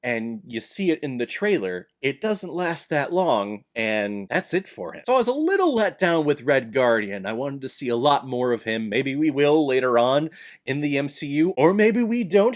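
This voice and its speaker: A man giving a casual, enthusiastic movie review, his voice jumping up in pitch now and then. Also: normal speed. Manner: enthusiastic, animated with sudden jumps in pitch.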